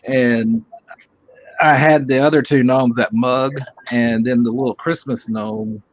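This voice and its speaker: A man's voice: mid-range voice, fairly even intonation, measured pace, low-quality recording. A middle-aged man hosting a live stream, chatting in a rambling, friendly way full of fillers. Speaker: coin channel host. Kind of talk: casual chat on a live stream.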